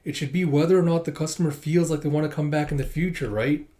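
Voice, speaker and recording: A man voicing a level-headed young woman server, calm and matter-of-fact. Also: a little high, fast talker, lightly acted.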